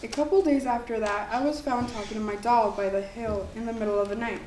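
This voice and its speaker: A woman reading her own ghost story aloud in an earnest, slightly halting way. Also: fairly high pitch, fairly even intonation, darkish tone. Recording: echoey room, mic far off, faint background noise.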